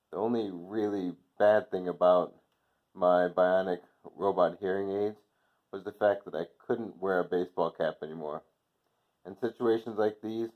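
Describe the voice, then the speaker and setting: Teacher read-aloud: deep male voice, gentle unhurried storybook narration, dull lo-fi sound. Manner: gentle, unhurried reading with soft quoted dialogue. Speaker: teacher reading aloud to class. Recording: dull lo-fi recording.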